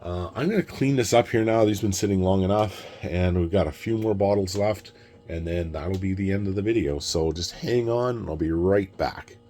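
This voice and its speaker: A man's voice: deep voice, moderate pace, mellow. A middle-aged man from Canada chatting casually about his bottles, rambling and repeating words as he tells stories. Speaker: whisky collector vlogger. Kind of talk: casual chat.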